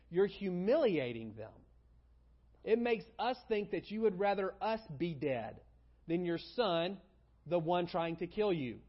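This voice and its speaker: A man's voice: fairly high pitch, lo-fi sound. A man voicing a stern male army commander who bluntly rebukes his king.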